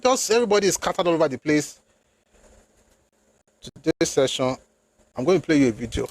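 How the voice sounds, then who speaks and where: On a dry recording, a male political commentator with a fairly high pitch, big pitch swings and a slightly fast pace delivers an opinionated monologue. He's emphatic and rhetorical, slipping into phrases and building to indignant outbursts while switching between English and Yoruba.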